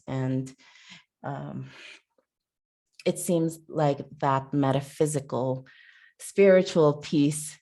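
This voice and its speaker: Low gravelly woman hosting a video call. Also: takes it slowly, darkish tone. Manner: stumbling over words, with fillers. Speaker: host introducing a speaker. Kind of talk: reading an introduction on a video call.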